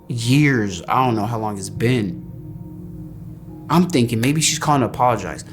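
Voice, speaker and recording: Guy telling his story matter-of-fact, quiet music under it. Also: medium pitch. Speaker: storyteller recounting an experience. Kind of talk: personal story clip. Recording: faint music behind.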